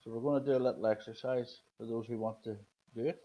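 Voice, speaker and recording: A man reading oracle cards for viewers in a chatty, gently coaxing way, then leading a slow breathing exercise. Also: mid-range voice, steady tone, dull audio. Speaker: spiritual card reader. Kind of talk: live oracle card guidance, casual talk.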